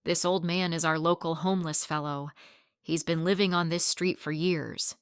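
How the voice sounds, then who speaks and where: A woman's voice: fairly low pitch, fairly even intonation, moderate pace, clean tone, dry recording, studio quality, natural voice. A woman voicing a firm, matter-of-fact male police officer in a storybook reading. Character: gruff middle-aged male police officer.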